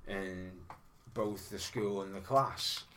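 A man's voice: low-pitched, steady tone, slow pace, a bit bright, slight background noise. A man from Liverpool with a mild Liverpool accent, co-hosting a casual film podcast and speaking hesitantly with many ums. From Liverpool, England. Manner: hesitant, lots of ums, earnest. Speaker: podcast co-host. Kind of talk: casual film review chat.

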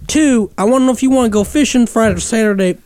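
A man voicing a rambling, fishing-mad older Southern hillbilly uncle with a high, over-the-top twangy Southern accent, told as a story on a comedy podcast. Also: quick pace, a little mellow. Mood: chummy.

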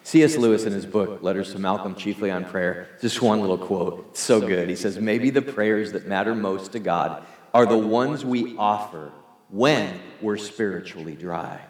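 A man's voice: lowish voice, normal speed. A man preaching a sermon to his congregation in a conversational, earnest way, leading them in prayer. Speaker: pastor. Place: church hall. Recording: echoey hall reverb.

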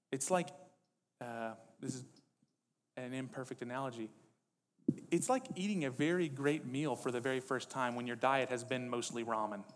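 Male pastor, mid-pitch, sermon with building intensity; long church reverb. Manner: reads quotes with rising intensity, conversational asides.

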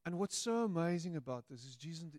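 A man preaching a sermon, playful and animated, slipping into little voices to act out quotes. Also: fairly high pitch, quick pace, no room sound, studio quality. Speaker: pastor.

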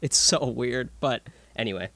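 A young man co-hosting a podcast in casual chat, swearing a lot and reacting excitedly. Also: medium pitch, normal speed, no room sound. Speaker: podcast co-host.

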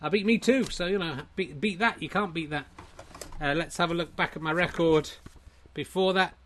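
A man voicing a smug, successful version of himself who brags in a lazy, relaxed drawl. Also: on the high side, moderate pace, a little hiss or hum, lightly acted. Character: smug, laid-back successful man, self-satisfied show-off.

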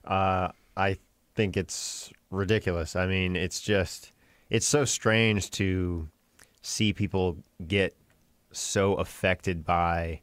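A man speaking as a radio show guest, answering in a deadpan, dismissive way. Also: sits low, takes it slowly, dry recording, clean studio sound. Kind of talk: casual talk radio discussion.

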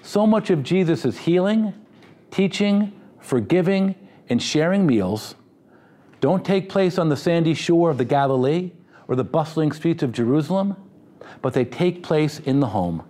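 A man's voice: on the high side, expressive, unhurried, mellow. Joking conversational male preacher. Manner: humorous, conversational preaching with asides. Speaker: pastor. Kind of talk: sermon.

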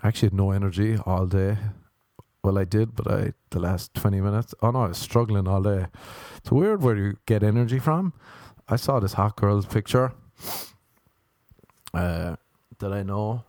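This young Irish man, hosting a podcast alone, rambles through self-mocking stories in a meandering way. His voice is on the low side and mellow, at a moderate pace, with no room sound.

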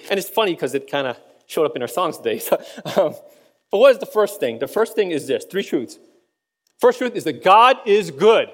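A man's voice: high-pitched, in a large hall. A middle-aged man preaching a sermon, telling stories and chuckling between points. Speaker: pastor.

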